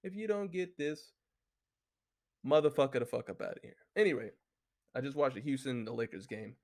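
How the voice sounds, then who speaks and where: Speaking fairly quickly in a medium-pitched, slightly mellow voice, a man rants on his solo talk show. It's a casual, heated delivery packed with curse words and filler.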